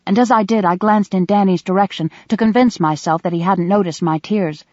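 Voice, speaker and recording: A woman narrating an audiobook in first person, with an even, measured reading. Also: mid-range voice, no room sound. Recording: dull dry close recording.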